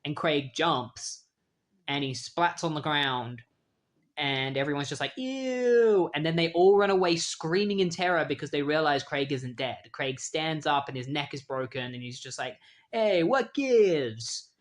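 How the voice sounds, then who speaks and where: Man, comic book host, casual retelling, animated storyteller, slightly high voice. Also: moderate pace. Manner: animated storyteller who acts out characters' lines.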